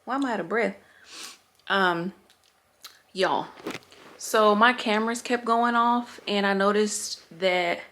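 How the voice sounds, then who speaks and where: A young woman talks straight to her viewers in an easygoing home vlog. She drawls along slowly, wanders off track and corrects herself, a little short of breath. Her voice sits at an ordinary middle pitch. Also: a bit bright. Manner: rambling, chatty, self-correcting. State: slightly out of breath. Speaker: vlogger. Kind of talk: casual chat.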